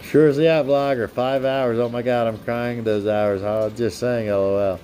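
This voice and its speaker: A young man hosts a casual live stream, reading out viewer comments and names in a chatty, upbeat way. His voice is mellow and relaxed, sitting at an ordinary middle pitch. A faint noise hums underneath. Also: normal speed. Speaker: livestream host.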